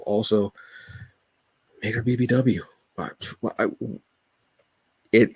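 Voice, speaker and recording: Guy w a low gravelly voice rambling about comics, lots of ums, dry close mic. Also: darkish tone, no room sound. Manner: rambling, lots of fillers, enthusiastic. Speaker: podcast host reviewing comics. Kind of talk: casual solo chat.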